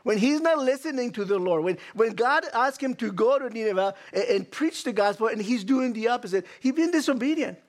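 A male preacher giving an animated sermon, full of stammered restarts and rhetorical questions. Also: very high-pitched, brisk, hardly any pauses.

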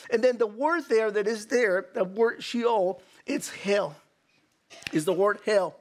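A male preacher giving an animated sermon, full of stammered restarts and rhetorical questions. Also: sits high, slow.

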